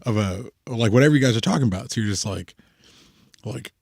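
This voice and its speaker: A man co-hosting a casual podcast chat, excitable and profane, laughing often. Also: on the low side, fast, vocal fry, breathy edge, no room sound, clean studio sound. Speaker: podcast co-host.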